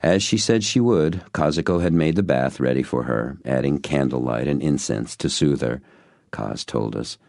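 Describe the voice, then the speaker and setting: A man's voice: rumbling low, normal speed, gravelly, a little mellow, no echo, studio quality. A man narrating an audiobook in an earnest storytelling manner. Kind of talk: scripted narration.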